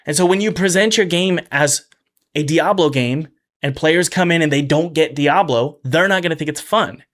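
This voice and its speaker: Energetic and chatty, this man hosts a casual game-development commentary video in a fairly high-pitched voice. He often restarts, drops quick asides, and repeats important phrases for emphasis.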